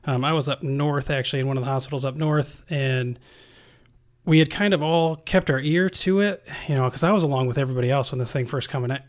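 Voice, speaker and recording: A man who works as an emergency nurse, telling stories from the hospital in a casual, animated podcast conversation. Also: mid-range voice, fast talker. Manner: animated storyteller, acts out quoted voices. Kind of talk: casual storytelling in a podcast interview.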